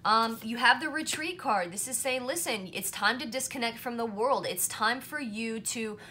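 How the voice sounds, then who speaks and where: A woman's voice: fairly high pitch, normal speed, pushed and bright, a little hiss or hum. A woman doing a casual pick-a-card tarot reading to camera, chatty and reassuring, often checking in with "right?" and "you know". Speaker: tarot reader.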